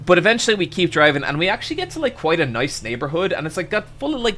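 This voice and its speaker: A young man telling a long, animated story to his stream chat, swearing often and stumbling over restarts. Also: sits high, quick pace, hardly any pauses. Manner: animated, swearing, with frequent restarts and "I'm like" quotes.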